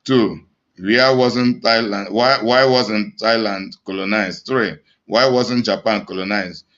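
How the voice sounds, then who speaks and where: A man's voice: lowish voice, slow pace, fairly bright tone, dull audio. A man with a Nigerian accent, an evangelist preaching emphatically to his online audience, with many restarts and fillers. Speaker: evangelist and channel host.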